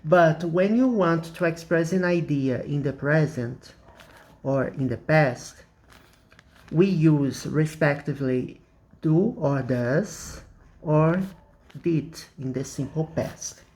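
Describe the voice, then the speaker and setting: A man with a Brazilian accent, a native Portuguese speaker, explaining an English grammar lesson as a teacher in a deliberate way, checking in often with "okay?". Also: a little high, a little mellow.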